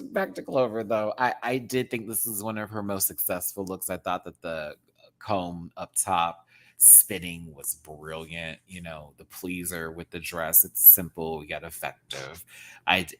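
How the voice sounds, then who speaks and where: A man reviewing a show to camera talks in a chatty, expressive rant. His voice dips to murmured asides, then jumps up into loud exclamations. Laughter keeps breaking into his talk. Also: low-pitched. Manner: animated, swings from hushed asides to loud exclaiming; laughs often. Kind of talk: casual commentary rant to camera.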